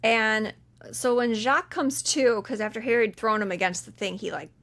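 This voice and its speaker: A woman with a somewhat high voice co-hosts a casual podcast. She retells a film scene by scene in animated chat, slipping into playful voices for the characters. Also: normal speed. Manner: animated retelling, acts out quoted lines in funny voices. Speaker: podcast co-host. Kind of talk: casual movie recap chat.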